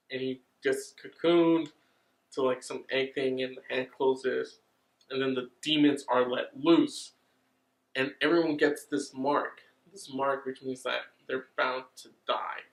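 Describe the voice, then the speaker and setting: A man's voice: mid-range voice, echoey room, rough recording. A man casually recapping an anime plot, swearing often and getting worked up. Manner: excited, swears a lot, drawn-out pauses. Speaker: anime reviewer.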